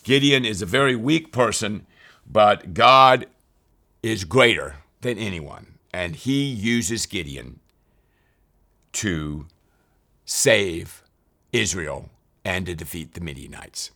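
A man's voice: fairly low pitch, animated, slow, long pauses, sharp tone. A man teaching a weekly Bible study lesson, earnest, repeating key phrases and dramatizing the scripture he quotes.

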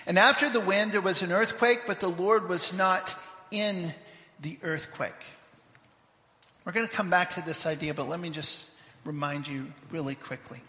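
A high, bright-voiced man preaches from the pulpit, his voice ringing through a big echoey church with a long reverb tail. He reads scripture passages with swelling force, then slips into quicker, softer asides to the congregation. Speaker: pastor. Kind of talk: sermon. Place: church sanctuary.

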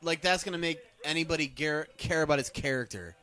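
A man's voice: on the high side, brisk. A man co-hosting a podcast, casually and crudely ranting as he watches an old wrestling match. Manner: crude, ranting, animated commentary. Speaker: podcast co-host. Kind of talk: casual profane wrestling watch-along chat.

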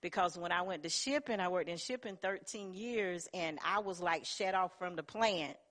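A woman's voice: lowish voice, moderate pace, a bit bright. A middle-aged woman giving an earnest personal testimony in church, telling her story in plain colloquial speech.

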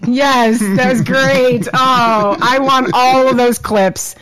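A woman co-hosting a show in casual chat, bubbly and quick to swear and laugh. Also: fairly high pitch, fairly even intonation, crowd noise. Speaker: co-host.

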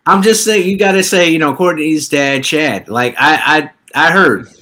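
A young man hosting a casual podcast chat, rambling with many halting restarts. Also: a little high, bright, forceful tone.

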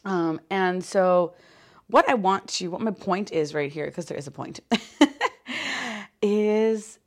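A woman's voice: medium pitch, lively intonation, slow. A young woman hosting a solo podcast, just woken up and yawning, talking in a rambling, self-deprecating way with many fillers and sudden drops to a whisper. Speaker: podcast host. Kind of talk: casual solo podcast monologue.

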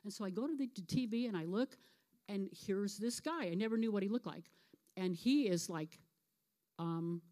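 A woman's voice: medium pitch, dark tone. A woman pastor retelling a near-death story in a sermon, acting out the quoted voices as she goes.

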